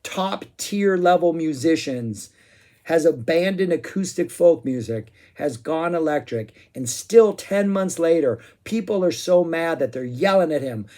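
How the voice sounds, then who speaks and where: A man giving a casual spoken music review, excitable and rambling, with frequent "um"s and asides. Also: on the high side, measured pace.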